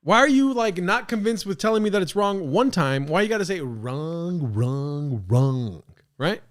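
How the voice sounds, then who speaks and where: A man's voice: sits high, fast, fairly bright tone. A young man hosting a podcast, ranting casually with profane mock outrage while reacting to a clip. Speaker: podcast host.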